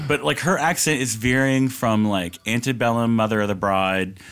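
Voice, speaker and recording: A man's voice: medium pitch, moderate pace, noisy background. A man co-hosting a podcast, teasing and wry in casual chat. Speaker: podcast co-host.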